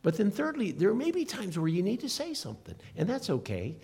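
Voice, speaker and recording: A middle-aged pastor preaching with earnest emphasis. His voice is gravelly and a little husky, with a lively rise and fall. The tone stays warm and encouraging, like a sermon addressed to a congregation. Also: sits high, a little fast. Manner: earnest, emphatic preaching with rising and falling delivery.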